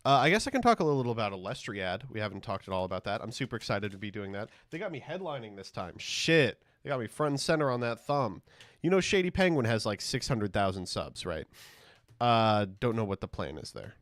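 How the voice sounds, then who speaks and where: A man's voice: fairly low pitch, big pitch swings, brisk, fairly bright tone, no echo. A man live-streaming as he opens trading cards, rambling and joking crudely with his chat.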